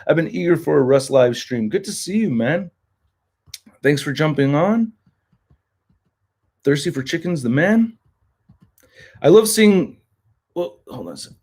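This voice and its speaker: A man's voice: a little high, expressive, measured pace, long pauses, darkish tone, husky. A man from California with a Californian accent, hosting a casual livestream chat and rambling with lots of filler words. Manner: rambling, heavy use of "like" fillers. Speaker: livestream host.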